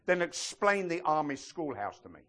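A lively pastor preaches to his congregation, frequently checking in with questions and joking and laughing along the way. His voice is fairly high and his speed normal.

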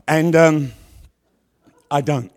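A middle-aged man preaching a sermon to a congregation on a handheld microphone, with a worn voice, asking rhetorical questions and pausing for effect. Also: a little high, steady tone. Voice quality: voice worn from past yelling. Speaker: pastor.

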